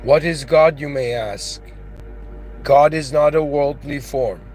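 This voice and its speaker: A man's voice: on the high side, slow pace, darkish tone, faint music behind. A man giving a philosophical monologue, earnest and growing emotional as he talks. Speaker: channel host.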